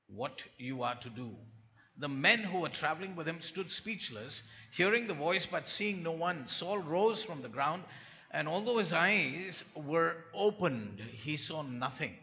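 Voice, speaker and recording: A man preaches a sermon in a slow, gravelly voice that sits a little high for a man. He swings from hushed lines to loud, forceful bursts. The recording is dull and carries a long hall reverb. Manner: dramatic swings between soft and loud delivery. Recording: dull, echoey hall sound.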